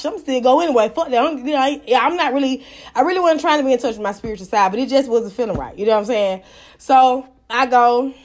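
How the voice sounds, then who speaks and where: A woman telling a personal story in casual, profane, animated talk. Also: sits high.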